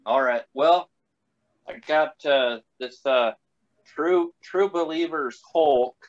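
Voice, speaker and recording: A man in a casual podcast chat, talking in a halting, hesitant way with many restarts. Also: fairly high pitch. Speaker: podcast regular. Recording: dull lo-fi sound.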